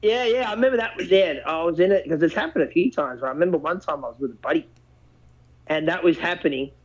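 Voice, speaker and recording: Fast-talking lo-fi chatty man. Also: on the high side. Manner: animated storyteller, swears freely. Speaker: podcast host. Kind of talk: casual chat. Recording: dull lo-fi audio.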